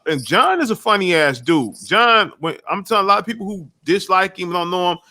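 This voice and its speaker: High, bright-voiced man talking emphatically. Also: lively intonation, fairly quick, slight background noise. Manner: emphatic, repetitive, profane, frequent restarts. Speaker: guest YouTube creator. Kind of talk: casual chat.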